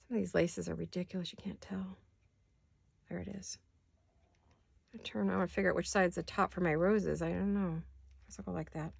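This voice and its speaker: An older woman who is hoarse today, chatting casually while she crafts in her home studio and thinking aloud in wandering asides. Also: lowish voice, no echo. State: hoarse, deep voice. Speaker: craft vlogger.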